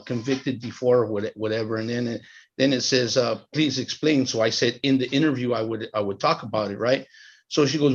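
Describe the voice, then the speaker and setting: Halting man on a video call. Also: medium pitch. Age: middle-aged. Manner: halting, many restarts and fillers. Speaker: group participant. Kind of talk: support group sharing on a video call. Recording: slightly dull video-call audio.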